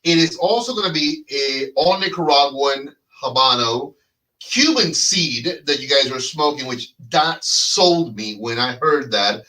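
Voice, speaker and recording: A male host chatting on a live show, animated and joking with rambling sales patter. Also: medium pitch, unhurried, far from the mic, rough recording. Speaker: host and cigar brand representative. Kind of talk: live casual chat show.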